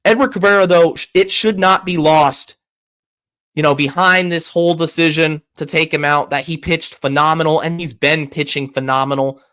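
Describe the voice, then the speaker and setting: A man's voice: a little high, steady tone, moderate pace, pushed and bright. A man hosting a sports podcast, giving heated, opinionated commentary with frequent restarts and stammers.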